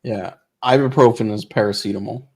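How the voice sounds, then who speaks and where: A man co-hosting a casual livestream chat, relaxed with a dry sense of humor. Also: fairly low pitch, brisk, breathy edge. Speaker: co-host.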